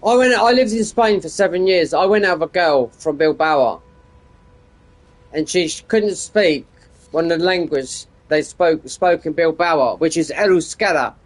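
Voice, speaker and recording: A British man in his 50s, with a fairly high voice and a slightly slow pace, chats casually while streaming a game. His talk rambles and digresses, with frequent restarts.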